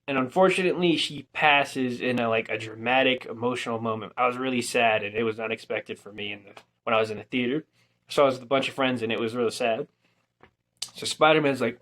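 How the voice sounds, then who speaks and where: A young man casually reviewing a movie, retelling its scenes in an animated way and quoting the characters with plenty of "like.". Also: mid-range voice, fairly quick. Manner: animated storytelling, quotes characters with filler "like".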